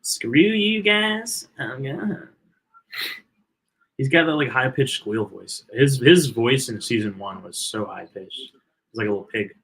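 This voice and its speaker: A man's voice: on the low side, normal speed, gravelly, fairly bright tone, rough recording. A man co-hosting a live game watch party, chatting loosely and calling out score updates. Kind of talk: casual live game chat.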